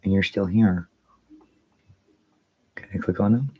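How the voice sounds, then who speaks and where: A man's voice: low voice, a little slow, husky, dull audio. A man hosting a casual livestream, rambling and swearing freely while greeting viewers by name. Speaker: livestream host.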